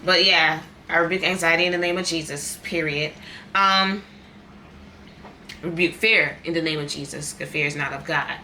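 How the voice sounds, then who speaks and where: A woman's voice: deep voice, steady tone, normal speed, pushed and bright, slight background noise. A young woman in a casual eating vlog, talking candidly and repeating herself for emphasis. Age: young adult. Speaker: vlogger. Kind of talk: casual chat while eating.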